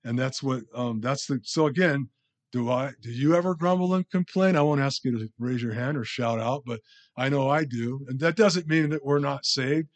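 A man's voice: medium pitch, normal speed. A man preaching a casual, conversational Bible-study sermon, self-deprecating and often restarting his sentences. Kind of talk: sermon teaching.

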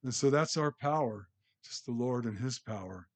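A man preaching to his congregation in a loose, conversational style, slowing and lifting his voice when he reads scripture aloud. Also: medium pitch, lively intonation. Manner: conversational, loose, with restarts and fillers; slows and lifts his voice while reading scripture aloud. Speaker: pastor. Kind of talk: sermon.

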